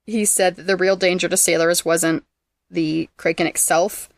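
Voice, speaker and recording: A woman's voice: lowish voice, fairly even intonation, dry recording. Teasing woman reading trivia facts. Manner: brisk and teasing, reads facts aloud, laughs often. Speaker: podcast host presenting trivia.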